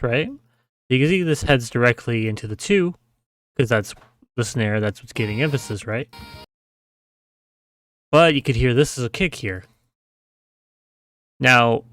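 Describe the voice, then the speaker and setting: A man with a medium-pitched, slightly bright voice acts as a mapping tutor in a casual screen-share tutorial. He goes step by step, often checking in with "right?" and humming the sounds he's describing.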